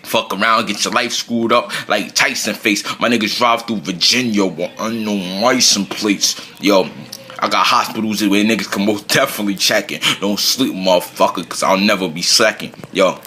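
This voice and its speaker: A man rapping aggressive verses in a rapid-fire delivery. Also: on the low side, pushed and bright, a little hiss or hum. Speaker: rapper. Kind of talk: freestyle rap verses.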